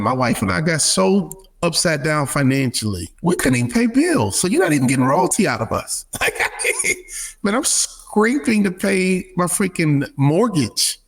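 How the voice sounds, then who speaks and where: A middle-aged man talks with emphatic, preacher-like conviction, often slipping into voices as he quotes people. His pitch swoops widely and sits a little high for a man. A gravelly fry runs through his voice. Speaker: guest speaker, former pro athlete and business advisor. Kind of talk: animated interview talk.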